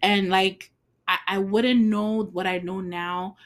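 A woman's voice: mid-range voice, fairly even intonation, takes it slowly. A woman co-hosting a faith podcast in casual chat, laughing often and acting out her parents' lines. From abroad, moved to the US. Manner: laughs often, quotes family in voices. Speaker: podcast co-host.

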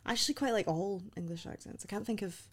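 A woman's voice: mid-range voice, fast. A young woman from Scotland with a light Scottish accent, a podcast guest chatting in a frank, blunt, wry way. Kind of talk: casual podcast chat.

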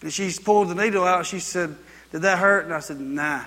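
A man preaches in a high, bright voice. His sermon moves from folksy anecdote to rhythmic, repeated exhortation. The sound carries the long reverb of a church hall. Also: fairly quick. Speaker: pastor. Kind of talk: sermon with personal story.

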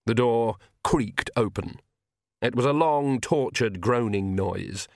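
A man's voice: medium pitch, slow, no room sound. Dry-voiced male audiobook narrator. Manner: dry storytelling, voices characters. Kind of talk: comic fantasy audiobook reading.

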